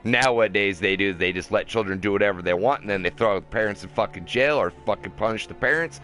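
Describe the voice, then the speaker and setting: A man's voice: lowish voice, fast, hardly any pauses, fairly bright tone, soft background music. A young man ranting in an angry, profane monologue, heated and preachy, in a car. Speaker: vlogger. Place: in a car at a drive-through.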